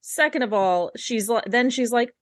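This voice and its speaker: A woman's voice: fairly high pitch, lively intonation, moderate pace. A woman co-hosting a podcast, recapping a TV episode in casual chat, blunt and indignant, with some swearing. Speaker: podcast co-host.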